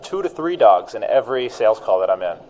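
A man's voice: fairly low pitch, sing-song, quick pace, darkish tone. Male podcast host, casual chat, easygoing, faint background hum.

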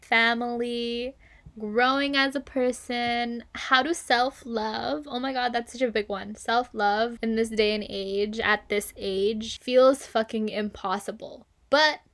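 A woman's voice: on the high side, fairly even intonation, slow, a bit bright. A woman in her twenties hosting a casual solo podcast, talking frankly, swearing freely and laughing often. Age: 20s. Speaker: podcast host.

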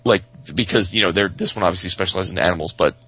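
Podcast co-host, male, lowish voice, dry close sound, excitable, loose and profane. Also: fast talker, slightly rough, no echo, poor audio. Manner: excitable storyteller, swears freely, does silly toy voices. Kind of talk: casual chat.

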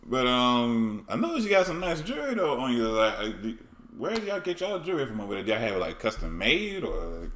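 Laid-back man with a lively voice. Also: mid-range voice, fairly quick, few pauses. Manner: curious, laid-back questioning. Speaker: interviewer. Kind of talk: comedic interview sketch. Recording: roomy echo.

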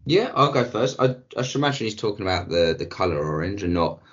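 A man with a very low voice co-hosts a comedy podcast, playing along with his partner's nonsense in loose, stop-start chat. The recording sounds muffled and lo-fi. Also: big pitch swings, fast talker. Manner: playful, goes along with the bit, frequent restarts. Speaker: podcast co-host. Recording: dull lo-fi recording.

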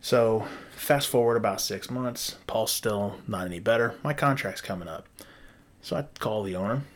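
A man's voice: lowish voice, moderate pace. Blunt man telling a profane story. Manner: profane, blunt, animated retelling. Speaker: property investor. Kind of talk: casual storytelling.

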